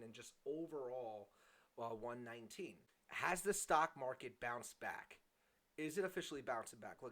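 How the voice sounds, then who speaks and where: A man's voice: medium pitch, fairly bright tone. Male vlogger with a mid-range voice, casual and chatty, full of fillers and a bit self-mocking. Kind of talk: casual vlog talk.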